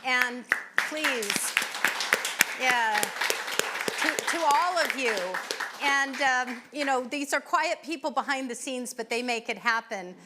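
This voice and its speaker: A woman's voice: sits high, slow pace, over a noisy crowd, very noisy. A woman hosting a live event, introducing guests with effusive thanks and frequent fillers. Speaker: event host. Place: winery event venue.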